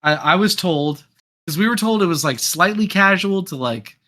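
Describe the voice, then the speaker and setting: Guy on a podcast telling a story, kinda high bright voice, acts out the quotes. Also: animated, moderate pace. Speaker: podcast host.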